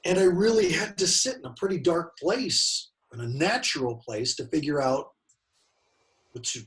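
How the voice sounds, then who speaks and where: A motivational speaker in his late forties gives a personal talk in a high voice, emphatic and fond of repeating key phrases. The audio quality is poor.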